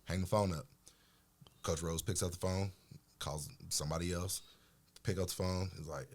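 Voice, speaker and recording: Man from oklahoma, low voice, animated storyteller, casual chat. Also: moderate pace, pauses often. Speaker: podcast guest, former football player.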